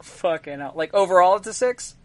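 A man running a tabletop game as game master, narrating the scene in a halting way full of ums and uhs. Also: sits high, expressive, fairly bright tone, no echo.

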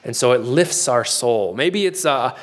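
A man's voice: mid-range voice, expressive, unhurried, big-room sound. A middle-aged man preaching a sermon in an earnest, conversational way, often restarting his phrases. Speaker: pastor.

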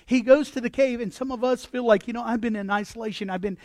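A man preaching a sermon as pastor, animated, acting out voices and repeating words as he builds his points. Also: extremely high pitch, quick pace, no room sound.

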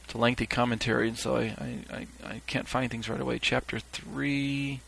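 A man's voice: medium pitch, level tone, a little fast, vocal fry, a bit bright, husky, poor audio. A man giving a podcast Bible teaching who reads scripture and his commentary aloud. He searches his notes with fillers and grows emphatic as he explains.

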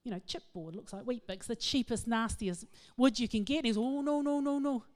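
A middle-aged woman, giving a humorous, self-mocking talk to an audience in an animated storytelling manner. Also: on the high side, brisk. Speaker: speaker.

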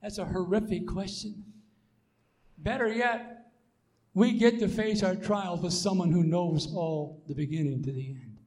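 A man preaching a sermon, emphatic and repetitive, swelling to loud declarations and dropping to soft asides. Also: sits high, a little slow.

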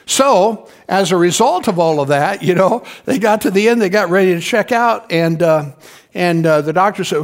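A male pastor preaching in a relaxed, storytelling style with a fairly high voice. He keeps asking the congregation to answer back. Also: normal speed. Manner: conversational storytelling, calls on the congregation to respond. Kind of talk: sermon.

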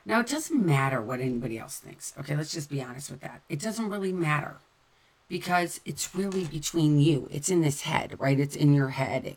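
Low-voiced woman, candid recovery talk. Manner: candid, conversational, repeats phrases for emphasis. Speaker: sober-living speaker.

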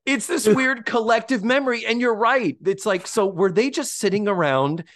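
A man hosting a podcast in casual chat, animated and swearing freely as he acts out quotes. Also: sits high, moderate pace, no echo. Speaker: podcast host.

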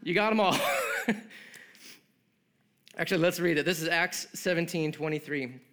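A man with a notably high voice delivers a sermon to a congregation. He talks loosely and conversationally, slipping in joking asides and a lot of "like" fillers between his points. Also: normal speed, fairly bright tone. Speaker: pastor.

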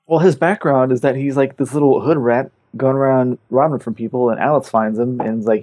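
A man's voice: medium pitch, steady tone, a little mellow, dry recording. A man chatting on a podcast, recapping a game in a loose, rambling way with plenty of swearing. His voice sits in the middle range. It is recorded close and dry, with no room sound. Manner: rambling, profane, does quick character voices in quotes. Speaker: podcast co-host. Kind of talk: casual chat, retelling a game's story.

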